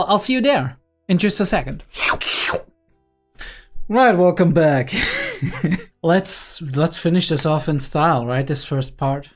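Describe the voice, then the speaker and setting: A young man hosting a reaction video, talking casually and rambling with lots of fillers and chuckles. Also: on the high side. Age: young adult.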